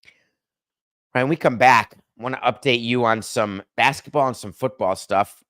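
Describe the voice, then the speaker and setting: A man's voice: normal speed, a bit bright, no room sound, studio quality. A man hosting a solo sports talk show, chatty and wry, drifting between topics and lifting his voice for emphasis. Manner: chatty, wry and digressive, with sudden lifts in pitch for emphasis. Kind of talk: solo sports podcast monologue.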